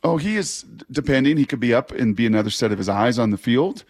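A man in his forties, a former player, co-hosting sports talk radio and telling long, animated stories. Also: medium pitch, fast, breathy edge. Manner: animated, rambling storyteller.

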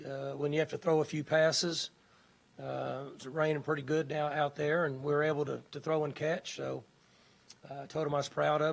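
Gravelly, flat-toned male football coach. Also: on the high side. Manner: halting, matter-of-fact, many restarts. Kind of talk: post-game press conference remarks.

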